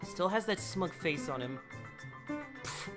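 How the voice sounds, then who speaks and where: A man's voice: sits high, lively intonation, takes it slowly, music in the background. Joking man reading a game aloud. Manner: joking, amused. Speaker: visual novel reader. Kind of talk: casual read-through commentary.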